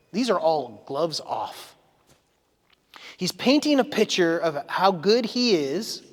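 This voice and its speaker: High-voiced man preaching in a reverberant hall. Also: sing-song, takes it slowly. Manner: conversational preaching, reads scripture with dramatic emphasis. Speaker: pastor. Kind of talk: sermon. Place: church sanctuary.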